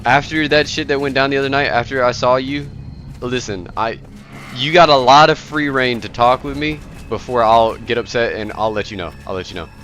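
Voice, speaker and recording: A man's voice: medium pitch, brisk, fairly bright tone, slight background noise. A man chatting casually with friends while gaming, teasing and swearing. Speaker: gaming streamer. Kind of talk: casual chat.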